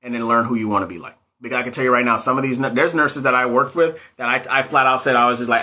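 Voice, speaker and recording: Bright-voiced man hosting a casual livestream. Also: medium pitch, rapid-fire, few pauses. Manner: animated, talks straight to viewers, blunt and profane. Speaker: livestream host giving nursing exam advice.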